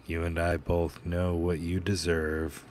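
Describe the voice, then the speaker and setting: A man's voice: deep voice, monotone, a little mellow, slight background noise. A man playing Ethan, a cold menacing vigilante. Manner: slow, cold, pointed delivery. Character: cold menacing male vigilante, calm and threatening.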